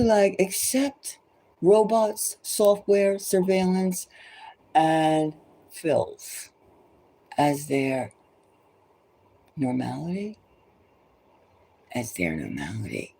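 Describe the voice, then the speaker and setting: A woman tarot reader with a low, mellow voice delivers an impassioned, preachy monologue, urging her listeners again and again and sometimes sinking to a whisper. The recording quality is poor.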